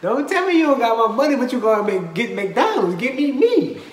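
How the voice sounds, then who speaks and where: Lively young New Orleans woman chatting. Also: a little high, fairly quick. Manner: animated, laughing, acts out quotes. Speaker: co-host. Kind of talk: casual chat explaining slang. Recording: echoey room with faint noise.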